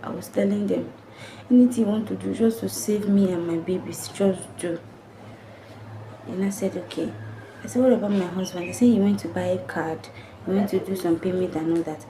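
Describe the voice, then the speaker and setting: A woman's voice: on the low side, fairly even intonation, moderate pace, noisy background. A young adult woman vlogger earnestly retelling a painful personal story to camera, with emotional repetition. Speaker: family vlogger.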